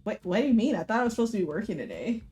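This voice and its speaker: Woman voicing a puzzled young waitress, questioning, lively intonation. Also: medium pitch, very fast, faint music behind, lightly acted. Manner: questioning, bemused.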